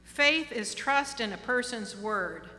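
A woman pastor giving a sermon, earnest and direct, slowing down for emphasis and dropping into casual asides. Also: fairly high pitch, animated, bright, forceful tone, in a large hall.

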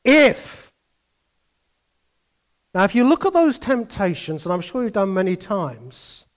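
An older man preaching a sermon, animated, swinging between loud bursts and quiet asides and mimicking other voices. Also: sits high, slow.

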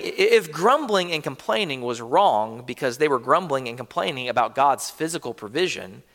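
Preaching as a pastor, this man earnestly poses questions to his congregation, sinking into hushed, low passages between his raised points. A long reverb tail trails his words.

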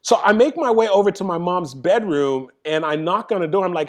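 A man's voice: sits high, a little fast. A man, a guest speaker, telling a personal story on a podcast interview and acting out the voices in it. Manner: animated storyteller, acts out quotes.

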